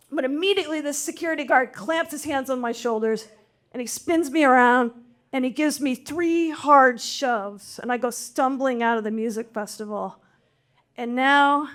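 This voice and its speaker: A middle-aged woman telling a personal story on stage, in a wry, animated, self-mocking way. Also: high-pitched.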